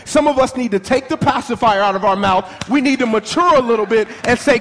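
High-voiced animated man preaching a sermon. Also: brisk, hardly any pauses, long reverb tail. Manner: animated, call-and-response preaching. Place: church.

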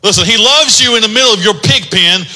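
A male pastor preaching in a church sanctuary, with a high, very bright, cutting voice. He moves from quiet teaching to loud, rising exhortation. A long hall reverb trails his words. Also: quick pace. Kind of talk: sermon.

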